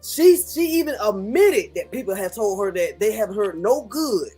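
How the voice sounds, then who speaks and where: A co-host adds quick interjections during a livestream, often repeating words while getting a point out. The voice is husky and moves around lively in pitch. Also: faint music behind. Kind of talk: livestream commentary.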